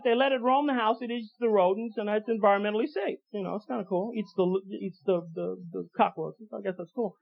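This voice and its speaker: A man doing a stand-up comedy routine on stage, animated and full of asides. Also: high-pitched. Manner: animated, jumps into character voices. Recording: dull old tape, loud laughing audience.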